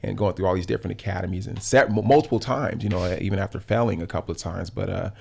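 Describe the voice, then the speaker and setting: A man in his thirties from South Los Angeles, speaking low with a gravelly, creaky texture. He tells stories in relaxed conversation, reflective and unhurried, often restarting his sentences and leaning on fillers. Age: 30s. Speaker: podcast guest. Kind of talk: casual conversational storytelling.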